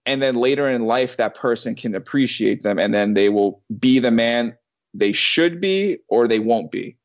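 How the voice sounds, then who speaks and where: A man in his thirties tells a long personal story in a loose, rambling way, circling back through restarts and the occasional curse. His voice sits at an ordinary middle pitch. The recording sounds slightly dull and lo-fi. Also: lively intonation, normal speed. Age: 30s. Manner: rambling, with many restarts and swearing. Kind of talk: casual storytelling.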